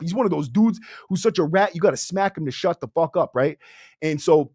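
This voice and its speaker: A young man spins a story in slangy, profane street talk, calling everyone "bro." His voice sits a little high for a man. The sound is dry and close, with no room around it. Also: expressive, fast, no room sound. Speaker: podcast host. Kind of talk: casual storytelling to a livestream audience.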